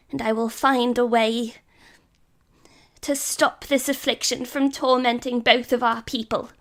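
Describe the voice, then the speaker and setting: A woman's voice: high-pitched, fairly bright tone, full character voice. A woman playing an elderly squirrel, earnest and determined.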